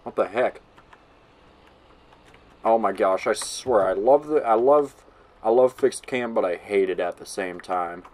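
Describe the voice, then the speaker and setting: A man's voice: lowish voice, measured pace, pauses often, a little mellow. A man giving casual gameplay commentary, rambling and giggling as he mocks himself. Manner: rambling, giggly, self-mocking.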